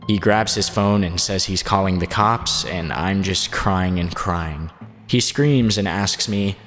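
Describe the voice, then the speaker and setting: A man narrating a documentary, reading a first-person written statement aloud in a steady, measured way. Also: sits low. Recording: long reverb, faint background music.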